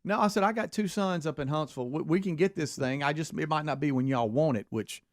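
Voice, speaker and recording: A middle-aged man from Alabama tells a family story on a radio talk show. His voice sits a little high and he keeps slipping into the voices of the people he quotes. The studio sound is dry and close. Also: fast talker, dry recording. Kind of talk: casual storytelling chat.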